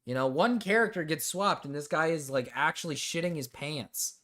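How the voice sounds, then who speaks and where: A man's voice: on the high side, lively intonation, normal speed, bright, forceful tone. A man streaming, giving casual reaction commentary, laughing often, swearing and repeating himself.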